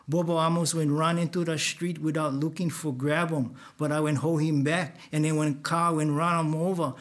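A man reading a first-person story aloud in Hawaiian Pidgin. His voice sits a little high for a man, and he keeps his delivery plain and earnest.

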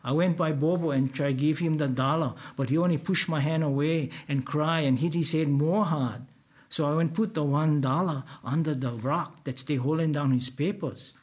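Man, Hawaiian Pidgin, first-person storytelling, earnest, slightly higher voice. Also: fairly even intonation, moderate pace, darkish tone.

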